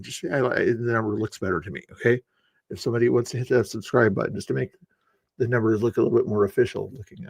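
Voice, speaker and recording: A man's voice: mid-range voice, creaky, no room sound. A man hosting his own live stream, talking casually and throwing in sarcastic asides. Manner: offhand, chatty, sarcastic asides. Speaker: streamer and channel host.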